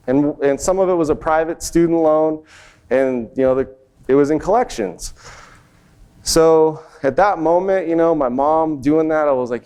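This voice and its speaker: A young man speaking at a conference, telling a personal success story on stage in an animated way and acting out the people he quotes. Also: on the high side, normal speed, clear, resonant tone. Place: event stage before an audience.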